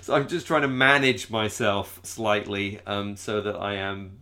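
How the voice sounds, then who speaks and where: A British man with a fairly low voice chats casually as a podcast co-host. He talks haltingly and stumbles through restarts, repeating words as he works his way to a point. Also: steady tone, bright, forceful tone. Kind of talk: casual chat.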